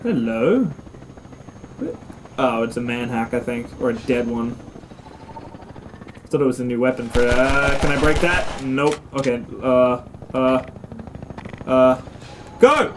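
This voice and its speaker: Recorded on a desk mic and a camera mic in his room at home, this let's play gamer talks slowly with frequent pauses in a mid-range voice, with slight background noise. He's casual and excitable, cursing plenty and yelping whenever something startles him or goes wrong.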